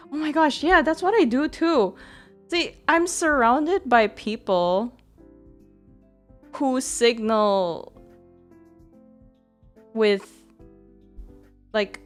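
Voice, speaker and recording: A woman streamer in casual chat with her viewers, rambling and giggly, full of fillers. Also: on the high side.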